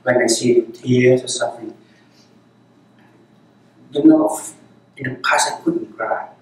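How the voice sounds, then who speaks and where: A male Zen teacher gives a dharma talk in a meditation hall, unhurried and repeating short phrases. His voice sits at an ordinary middle pitch. It rings with heavy echo, picked up from well back in the room. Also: flat delivery. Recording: very echoey hall, voice from far off.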